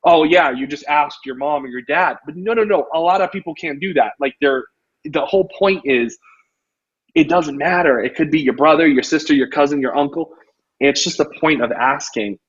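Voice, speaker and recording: A man hosting a casual interview as a real estate coach, telling stories with lots of "you know" and an animated delivery. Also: a little high, moderate pace, slightly rough. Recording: dull lo-fi audio.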